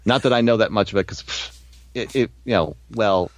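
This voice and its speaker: A man hosting a podcast, chatting casually and thinking aloud with animated asides. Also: lowish voice, brisk, dry recording. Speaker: podcast host. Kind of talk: casual chat about a sitcom episode.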